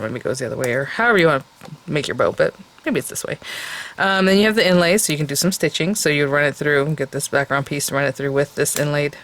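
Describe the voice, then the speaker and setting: A woman hosting a craft channel, casually walking through a product unboxing, chatty and full of ums as she thinks aloud. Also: deep voice.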